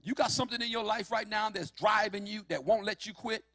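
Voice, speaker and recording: High-voiced preacher man, emphatic sermon. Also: brisk, no echo. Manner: emphatic, rising to shouts on key lines.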